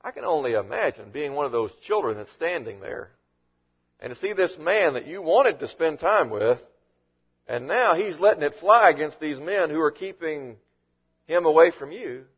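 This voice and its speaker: Guy preaching a sermon, lively up and down voice, kinda high, muffled lo-fi audio. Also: moderate pace, slightly rough. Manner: animated preaching with rhetorical questions. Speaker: pastor.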